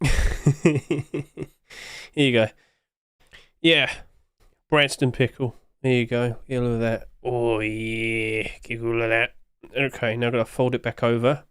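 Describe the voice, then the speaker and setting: British man, streamer, casual joking chat, middle pitch, dry sound. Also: clear, resonant tone, no room sound. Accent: British English. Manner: chatty, jokey, talks to his chat while eating.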